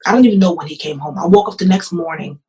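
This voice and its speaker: A woman's voice: fairly low pitch, fast, mellow, rough recording. A woman pastor telling her own story as a podcast guest, earnest and emotional, often repeating phrases. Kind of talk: personal testimony in an interview.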